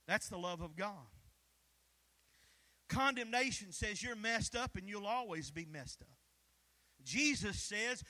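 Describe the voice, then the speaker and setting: A man preaching a sermon as pastor, with fervent call-and-response that rises to shouts at its peaks. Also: high-pitched, animated, slow, long pauses.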